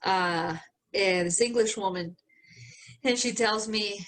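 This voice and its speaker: A woman's voice: mid-range voice, takes it slowly, a bit bright. A woman from Mexico co-hosting a podcast, chatting casually, laughing often and swearing freely. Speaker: podcast co-host. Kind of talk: casual chat.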